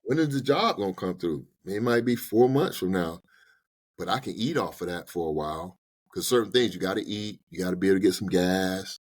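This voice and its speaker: Low, husky-voiced man giving money advice. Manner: animated, colloquial, acts out little dialogues. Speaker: podcast guest explaining personal finance. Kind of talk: casual conversational advice. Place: podcast studio.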